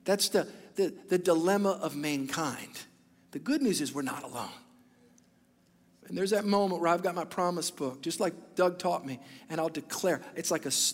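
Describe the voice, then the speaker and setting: High-voiced preacher in a reverberant hall. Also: male voice. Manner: fervent, rising to shouts; repeats short declarations. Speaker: pastor. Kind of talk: sermon.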